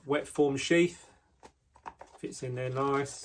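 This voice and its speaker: A male craftsman walks through his handmade knives in a laid-back, unhurried way, pausing often with ums and restarting his sentences. His voice sits at an ordinary middle pitch for a man. He is talking indoors in his workshop. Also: fairly even intonation, a little hiss or hum. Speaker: knife maker. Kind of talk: casual product walkthrough.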